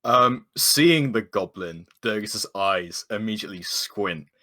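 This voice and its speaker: A man playing a tabletop game, describing his character's actions in a halting way. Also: lowish voice, expressive, bright, forceful tone. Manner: halting, many fillers. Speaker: player.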